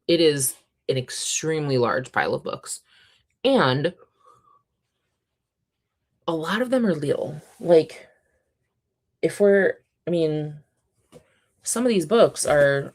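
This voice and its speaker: A young woman with a low-pitched voice and vocal fry hosts a casual book livestream, reading chat messages aloud. She's chatty and gushing, laughing often and filling her talk with lots of ums.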